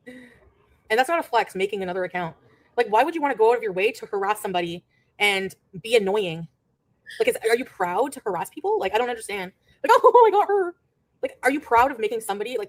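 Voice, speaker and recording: A woman streamer rants in a livestream clip, indignant and complaining. She talks fast, and her pitch sits in a middle range. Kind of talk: ranting livestream talk.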